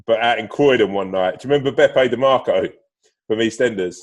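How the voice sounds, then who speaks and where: A man's voice: on the low side, brisk. A man chatting casually as a podcast guest, full of fillers and swearing, on a remote call that drops out. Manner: swears freely, many fillers and restarts; bursts into laughter telling stories.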